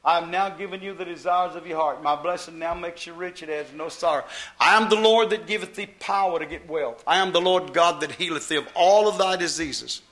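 A man's voice: on the high side, brisk, a bit bright. A man preaching a sermon in a folksy, emphatic way, repeating phrases to drive them home.

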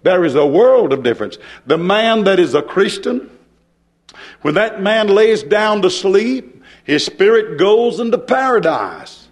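A man preaching a fervent sermon, hollering and getting excited, mimicking hecklers and answering them. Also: sits high, measured pace.

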